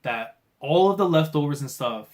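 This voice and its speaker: A man with a slightly high voice reacts live as he reads a comic chapter aloud. His talk is casual and full of slang, and it swings between grumbling under his breath and excited shouts. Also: normal speed. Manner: casual slangy talk, keeps saying bro. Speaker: manga reaction channel host.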